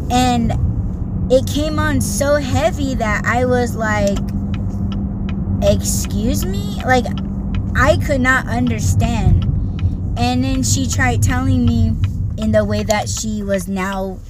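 A woman podcast host telling a story in a loose, rambling way with lots of fillers and sighs, recorded inside a car. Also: fairly high pitch. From Native American, Hopi. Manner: rambling, frequent "like" and "you know", sighs. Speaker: podcast host and rideshare driver. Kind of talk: casual storytelling monologue. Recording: loud car road noise. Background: loud car and road noise.

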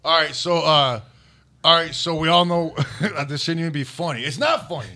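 A man's voice: on the high side, expressive, normal speed, sharp tone. Rambling, profane man telling a story. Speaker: podcast host. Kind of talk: casual chat. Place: podcast studio.

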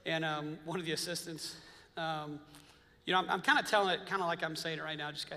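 A man's voice: on the high side, flat delivery, fast, pushed and bright. A man preaching a sermon as pastor, telling stories casually and acting out the dialogue of the people in them. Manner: casual, anecdotal, quotes others in dialogue. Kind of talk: conversational sermon storytelling. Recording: long reverb of a large hall.

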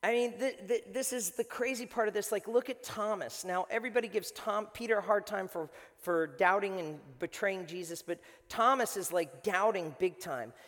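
A male pastor with a high voice, preaching in an animated, chatty storytelling way. His voice rings with a long reverb across a large hall. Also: moderate pace, hardly any pauses. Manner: animated storytelling with casual fillers. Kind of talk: sermon.

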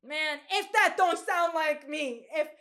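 A woman preaching a casual, animated sermon, slangy and quick to laugh. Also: high-pitched.

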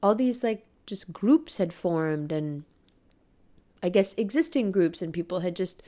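A woman telling a personal story in a casual monologue, swearing freely and speaking with emphatic, animated energy. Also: lowish voice, measured pace.

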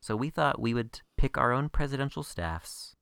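A man's voice: mid-range voice, expressive, normal speed, vocal fry, a bit bright, clear, resonant tone, dry recording, clean studio sound. A man co-hosting a podcast, chatting wryly and casually about a TV episode. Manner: chatty and wry. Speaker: podcast co-host. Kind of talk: casual TV recap chat.

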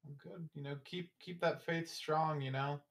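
A man's voice: on the high side, steady tone, normal speed, vocal fry, a bit bright. A man in casual conversation, encouraging the other speaker with hesitant phrasing.

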